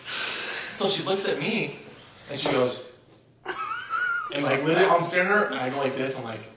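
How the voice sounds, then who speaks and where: A young man co-hosting a podcast, telling school stories in casual chat, animated and acting out what people said. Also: medium pitch, fairly quick, long pauses. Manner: animated storyteller, acts out quotes, chuckles. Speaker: podcast co-host. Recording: very echoey room, far from mic, faint noise.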